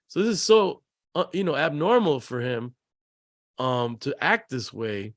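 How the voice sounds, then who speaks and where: Casual podcast guy, animated storyteller, dry close mic. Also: mid-range voice, unhurried, dry recording. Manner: animated storyteller, acts out his kids' voices. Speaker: podcast co-host. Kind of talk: casual chat.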